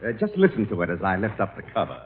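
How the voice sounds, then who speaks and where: Droll, suave butler; dry delivery; 1940s radio sound. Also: male voice, low-pitched, huge pitch swings, fast talker. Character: suave, insulting male butler. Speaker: guest star. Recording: old tinny radio broadcast with hiss.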